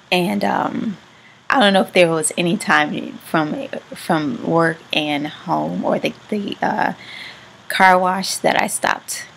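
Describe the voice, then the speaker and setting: Low, gravelly woman telling a story. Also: slight background noise, rough recording. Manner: halting, with many restarts and fillers; words often trail off into a soft whisper. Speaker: vlogger. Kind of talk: personal storytelling.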